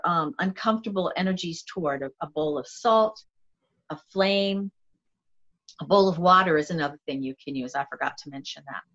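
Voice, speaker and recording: Middle-aged woman, low-ish voice, earnest and animated, kinda muffled lo-fi sound. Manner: earnest, animated, self-correcting speech. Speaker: shamanic guest. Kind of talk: casual conversation. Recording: dull lo-fi audio.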